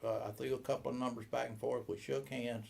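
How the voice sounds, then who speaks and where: Gravelly older man telling a story. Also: medium pitch, flat delivery, fast, a little mellow. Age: 70s. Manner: rambling anecdotal, acts out quoted dialogue. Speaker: boat shop owner. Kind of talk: storytelling interview.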